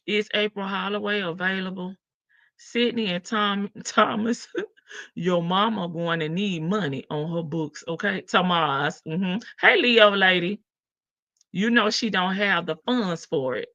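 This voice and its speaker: A Southern US woman in a mid-range, pushed and bright voice takes her time as she hosts a casual livestream. She gossips, laughs and teases her chat readers, and the dull lo-fi stream audio sounds dry.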